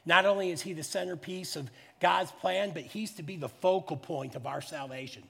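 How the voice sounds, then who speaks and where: A man preaching a sermon as a pastor, fervent and emphatic, repeating phrases and building to shouts. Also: sits high, moderate pace, creaky, husky. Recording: reverberant hall.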